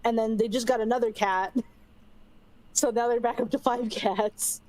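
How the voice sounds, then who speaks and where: A woman's voice: a little high, fairly even intonation, normal speed, a little mellow, poor audio. Chatty young woman streamer. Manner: rambling, chatty, swears casually, frequent fillers. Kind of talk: casual chat while gaming.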